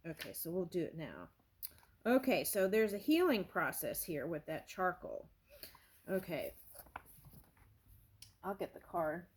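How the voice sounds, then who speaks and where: A woman tarot reader talking casually and reading prayers aloud. She jumps from thought to thought, apologizes for it, and breaks into high-pitched amazement. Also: a little slow, pauses often, husky. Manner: scattered and excitable, apologizing and backing up. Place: home with her dog nearby.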